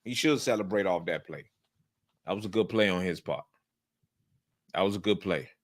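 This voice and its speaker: A deep-voiced man breaks down football game film in casual commentary at a moderate pace. He repeats his points with emphatic coaching energy and breaks into animated outbursts.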